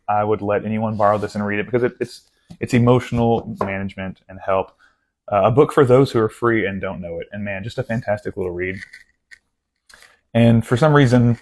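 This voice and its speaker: A young man chatting casually about his latest book haul, rambling and self-deprecating, with lots of asides and restarts. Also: fairly low pitch. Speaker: book vlogger.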